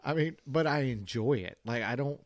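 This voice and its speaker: A man's voice: medium pitch, lively intonation, moderate pace, dry recording. A man co-hosts a casual podcast, recorded in a dry, close sound. He reflects on his work and restarts his sentences often. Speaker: co-host.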